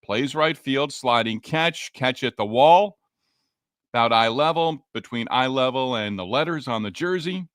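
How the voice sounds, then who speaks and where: A man's voice: medium pitch, a little slow, clean tone, no echo. Guy doing a solo sports podcast, talks right at you, punchy and emphatic, dry close sound. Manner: energetic, emphatic, talks straight to listeners. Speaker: podcast host.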